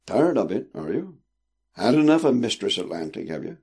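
A man's voice: on the low side, very animated, normal speed, a little mellow, breathy edge, exaggerated voice. A man doing a hearty, teasing old sea captain. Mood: reassuring. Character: jovial, portly old ship captain.

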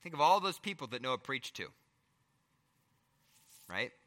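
A middle-aged male pastor preaches a sermon in a big-sounding room, firing off rhetorical questions and swinging between loud emphasis and hushed asides. His voice is medium-pitched and very animated, and he speaks a little slowly.

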